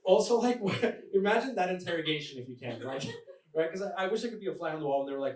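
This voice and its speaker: A man's voice: on the high side, fast, a little hiss or hum. A man performing a live stand-up comedy set, telling stories and acting out the voices of the people in them. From born in Mexico, raised in the United States. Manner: animated storytelling, acting out characters' voices. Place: live comedy stage in front of an audience. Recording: echoey room, mic from a distance, audible ambience.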